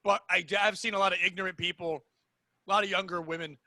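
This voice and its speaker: A man co-hosting a comedy podcast, ranting loudly and crudely, swearing often. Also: sits high, steady tone, quick pace, dry recording. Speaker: podcast co-host. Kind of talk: casual comedic podcast banter.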